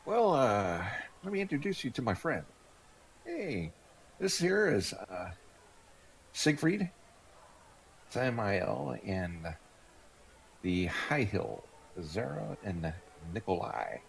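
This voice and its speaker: A man's voice: lowish voice, sing-song, takes it slowly, creaky, long pauses, a little hiss or hum. A man playing a tabletop game, speaking both in and out of character, in an easygoing way with frequent laughter. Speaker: player. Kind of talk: in-character tabletop role-play.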